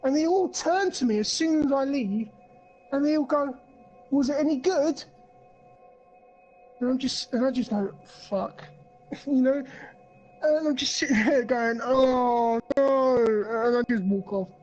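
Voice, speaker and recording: A man's voice: extremely high pitch, moderate pace, a little mellow, muffled recording, soft background music. A young man on a podcast, rambling through a crude story and swearing a lot. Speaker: podcast co-host. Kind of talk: casual chat.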